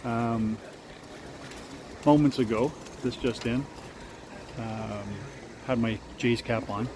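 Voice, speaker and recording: A man's voice: medium pitch, fairly even intonation, takes it slowly, background noise. A Canadian man narrating a casual travel vlog, chatty and rambling with many fillers, recording outdoors and from a car. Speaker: travel vlogger. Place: outdoors and in a car, rainy town streets.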